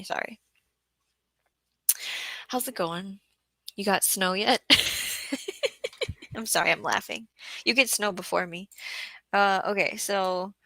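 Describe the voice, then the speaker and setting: A woman hosting a casual gardening livestream, tired after a bad day, chatting and thinking aloud while reading viewer comments and clearing her throat often. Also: mid-range voice, bright, forceful tone, no room sound. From Southeast Florida. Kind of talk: casual live-stream chat reading comments.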